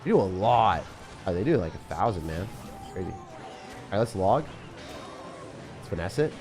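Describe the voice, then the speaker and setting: Excitable young male gaming streamer. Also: low-pitched, music in the background. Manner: fast, excitable, jokey gamer chatter. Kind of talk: live stream commentary while playing.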